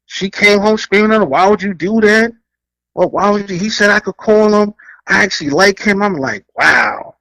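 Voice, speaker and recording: This podcast co-host has a gravelly voice at a normal pace, caught on a rough, dry recording. In casual conversation he tells blunt, profane stories, laughing often and acting out the quotes in a higher voice.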